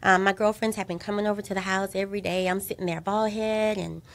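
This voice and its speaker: Middle-aged woman guest, earnest, animated storyteller, mid-range voice. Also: medium pitch, fast. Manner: earnest, animated retelling with quoted dialogue. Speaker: guest, breast cancer survivor. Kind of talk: personal storytelling in a talk show interview.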